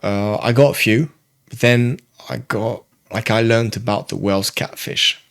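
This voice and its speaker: A man's voice: on the low side, unhurried, gravelly, dry recording, clean studio sound. Chatty French-accented man. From France. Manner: animated storyteller, loose and chatty. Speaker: guest. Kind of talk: casual chat.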